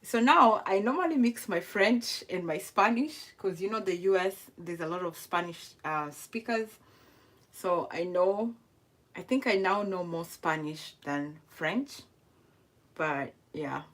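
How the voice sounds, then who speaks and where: Slow-talking woman hosting a cooking livestream. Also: on the low side, lively intonation, a bit bright. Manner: chatty, laughs often, tries out French phrases; unhurried, with many fillers. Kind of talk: casual live chat with viewers.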